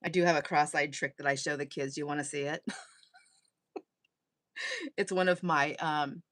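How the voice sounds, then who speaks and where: A woman's voice: sits low, steady tone, moderate pace, a bit bright, dry recording. A woman hosting a craft live stream, chatting casually and rambling with frequent laughter. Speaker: craft channel host.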